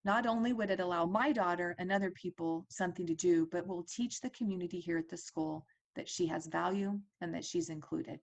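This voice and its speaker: A woman's voice: lowish voice, fairly quick, gravelly, hardly any pauses. A woman in her forties telling a personal story as a parent advocate, earnest and conversational with fillers and restarts.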